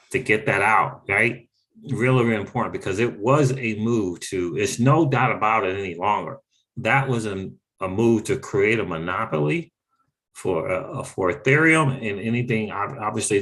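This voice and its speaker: A man hosting a casual livestream, animated and exclaiming, repeating phrases for emphasis and greeting viewers from the chat. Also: fairly low pitch. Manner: reads out and thanks chat viewers. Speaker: crypto livestream host.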